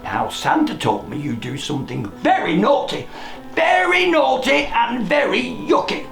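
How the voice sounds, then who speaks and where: A storyteller voicing a calm, magical talking satsuma that gently scolds a child with teacherly questions, in a children's storybook reading. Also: medium pitch, a little slow, vocal fry, exaggerated voice. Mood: scolding. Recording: roomy echo, faint music.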